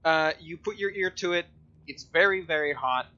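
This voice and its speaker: A man acting as game master for a tabletop game, walking the players through the dungeon with plenty of ums and uhs. His voice is fairly high and sharply bright. The stream audio sounds muffled and lo-fi. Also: normal speed. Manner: explanatory, descriptive, hesitant with fillers.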